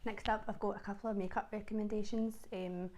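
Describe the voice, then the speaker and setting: A woman's voice: medium pitch, little pitch movement, fast talker, a little mellow, slight background noise. A woman from Scotland with a Scottish accent, chatting casually to camera as a vlogger, full of fillers and repeated words for emphasis.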